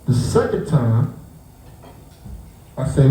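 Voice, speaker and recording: A man's voice: mid-range voice, takes it slowly. A man, the uncle of a victim, telling an emotional story and acting out the scene, stumbling and repeating words. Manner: animated, acts out the scene, restarts and repeats words. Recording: very echoey, voice picked up from far off.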